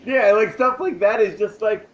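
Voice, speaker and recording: A man's voice: high voice, moderate pace, over a noisy crowd, poor audio. A young man co-hosting a podcast, rambling in casual chat with lots of filler words and silly mock voices. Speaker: podcast co-host.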